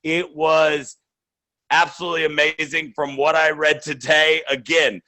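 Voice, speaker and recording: Casting: male podcast co-host, bright and forceful, gushing casual banter. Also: fairly high pitch, little pitch movement. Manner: enthusiastic, drawn-out emphasis.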